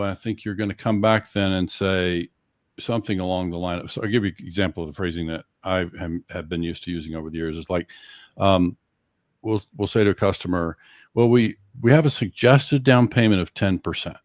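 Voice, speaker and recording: A man's voice: deep voice, fairly even intonation, fairly quick, no echo, clean studio sound. A man co-hosting a podcast, summarizing and questioning his guest in a reflective way with restarts. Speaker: podcast co-host and coach. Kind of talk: podcast interview.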